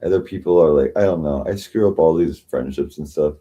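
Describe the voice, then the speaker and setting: A man with a very low voice rambles through a casual livestream chat, tired and swearing freely. He halts, repeats himself and restarts often as he talks. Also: warm tone. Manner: rambling, halting, many restarts and profanity. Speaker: livestream host.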